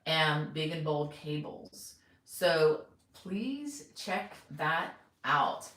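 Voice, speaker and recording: A woman's voice: sits low, expressive, extremely slow, fairly bright tone, echoey room, low-quality recording. A middle-aged woman teaching crochet, chatting casually on a live stream and greeting viewers by name.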